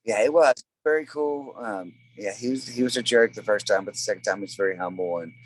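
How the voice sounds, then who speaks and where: A very deep-voiced man speaks as a guest in a relaxed interview, his talk full of "uh" and "you know" as he rambles through stories. The sound is dry and close, with no room behind him. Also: fast, dry recording, rough recording. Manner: rambling storyteller, many fillers. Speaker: guest, tribute band singer. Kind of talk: casual interview chat.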